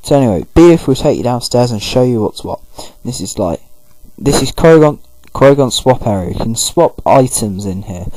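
A man's voice: medium pitch, animated, normal speed, few pauses, warm tone, dry recording, low-quality recording. Rambling male let's-play narrator. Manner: rambling, loose, full of fillers. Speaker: gaming video host. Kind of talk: casual let's-play commentary.

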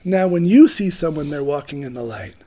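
A man's voice: a little high, lively intonation, fairly quick, dark tone, husky. A middle-aged man giving an informal, rambling sermon, joking about himself and laughing often. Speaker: preacher.

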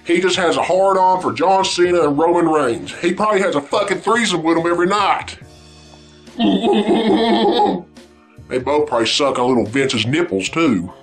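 High-voiced man in a profane rant. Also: lively intonation, moderate pace, faint music behind. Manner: blunt, heavy swearing, repetitive. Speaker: vlog host ranting about wrestling. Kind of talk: profane angry rant to camera.

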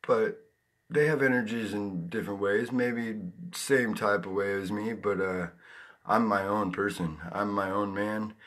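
Winded man giving a pumped-up pep talk. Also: low-pitched. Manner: pumped-up, preachy, with loud whooping shouts. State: out of breath after a jog. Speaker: motivational speaker. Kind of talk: motivational vlog monologue.

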